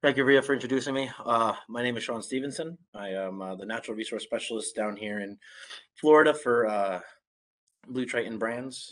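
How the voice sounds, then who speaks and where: A man's voice: mid-range voice, brisk. A young man with a congested, just-recovering voice gives a casual online talk as a guest speaker, with lots of fillers and restarts. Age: young adult. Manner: relaxed, many fillers and restarts.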